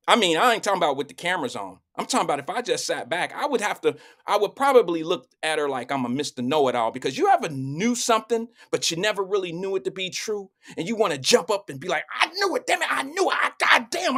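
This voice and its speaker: Animated man hosting a live talk show. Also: high voice. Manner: animated, preachy, colloquial. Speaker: host.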